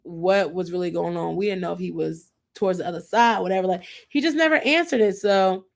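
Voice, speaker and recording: A woman's voice: fairly low pitch, fairly quick, vocal fry. Chatty woman rambling through a TV recap. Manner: chatty, rambling, mimics people she talks about. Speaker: podcast host. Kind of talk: casual TV recap chat.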